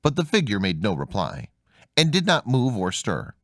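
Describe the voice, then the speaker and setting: A man reading a fairy tale aloud in a measured, expressive way as storyteller. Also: lowish voice, dry recording, clean studio sound. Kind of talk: scripted fairy-tale narration.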